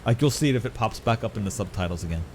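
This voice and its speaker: A man's voice: fairly low pitch, expressive, racing, background noise. A man streaming a video game, chatting casually with his viewers and swearing now and then. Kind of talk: casual gameplay commentary.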